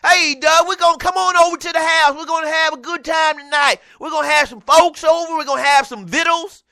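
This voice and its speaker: A man's voice: very high-pitched, steady tone, a little fast, pushed and bright, no room sound, voice pushed up, full character voice. A man putting on the voice of a folksy small-town country man with a twangy drawl. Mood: jovial.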